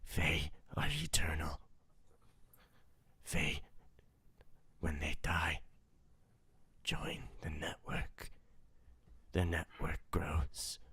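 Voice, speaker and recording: A man voicing a dying, eerie Fae spirit in whispered role-play, halting and slow. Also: rumbling low, level tone, bright, forceful tone, husky, no room sound, pitched below the performer's own voice, full character voice. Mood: eerie, fading.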